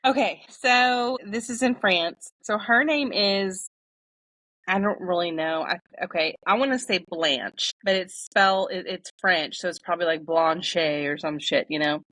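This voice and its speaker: A woman's voice: mid-range voice, moderate pace, a bit bright, no room sound. A woman co-hosting a podcast, telling a story in a loose, informal way with plenty of fillers. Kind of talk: casual podcast chat.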